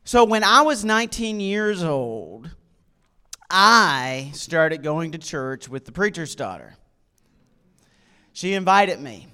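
A man with a Canadian accent softened by a hint of Southern drawl gives a church talk as a chatty personal testimony. His voice sits somewhat high for a man and sounds smooth and resonant. He tells his story with easy humor. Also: sing-song, slow, pauses often. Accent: Canadian with a slight Southern drawl. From Nova Scotia, Canada. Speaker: guest speaker at a church.

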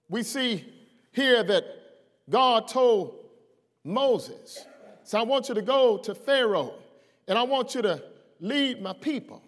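A man preaching a sermon to his church, slow and emphatic, building to shouted lines. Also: very high-pitched. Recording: long hall reverb.

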